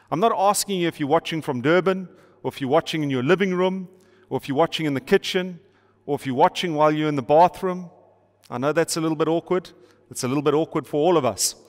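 In a sermon for online viewers, a middle-aged pastor from South Africa repeats rhetorical questions emphatically and adds lighthearted asides. His voice is fairly high for a man, and a long reverb follows each phrase, like in a large church auditorium.

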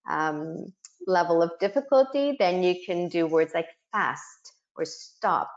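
Middle-aged woman running a webinar, sounds out words as she explains, kinda muffled lo-fi sound. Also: lowish voice. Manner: explanatory, models speech sounds aloud. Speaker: webinar facilitator. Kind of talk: instructional webinar presentation.

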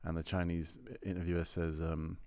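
A man's voice: low voice, level tone, moderate pace, mellow, dry recording, clean studio sound. A man hosting a casual podcast, telling stories and reading out audience questions in a laid-back way. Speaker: podcast host.

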